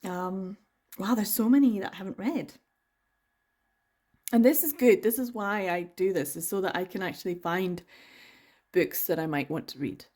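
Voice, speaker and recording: A woman's voice: medium pitch, moderate pace, long pauses, a little mellow. Chatty, rambling woman book vlogger. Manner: rambling, enthusiastic, frequent laughs and trailing fillers. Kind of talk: casual chatty vlog.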